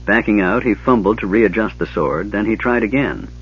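A man narrating an audiobook in a steady storytelling manner, doing character voices. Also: on the low side, moderate pace, breathy edge, lo-fi sound.

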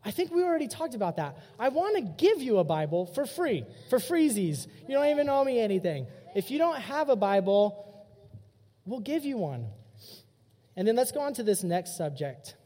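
Energetic young male youth pastor. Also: very high voice, moderate pace. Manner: casual, energetic, direct address. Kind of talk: sermon. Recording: long hall reverb.

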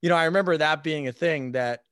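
A man's voice: a little high, quick pace, a bit bright, smooth, dry recording, studio quality. A man talking as a guest on a sports podcast, hesitant and full of restarts. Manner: hesitant, many restarts and fillers. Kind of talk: casual sports podcast chat.

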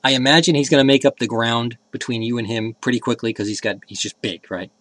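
Man, comic storyteller, sarcastic, dry close sound, swings between mumbles and loud emphasis. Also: mid-range voice, fast, no echo. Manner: animated and sarcastic, with rambling restarts and sudden loud emphasis. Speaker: comedic commentator. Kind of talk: comedic storytelling.

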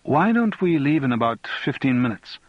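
A man playing a relaxed, clubbable young politician who teases easily. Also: medium pitch, moderate pace, no echo, muffled recording, pitched above the performer's own voice. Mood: teasing. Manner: relaxed, teasing.

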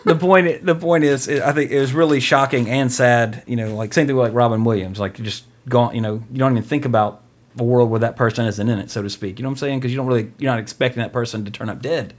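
A man's voice: medium pitch, steady tone, fast talker. Rambling, joking male podcast host. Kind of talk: casual podcast chat.

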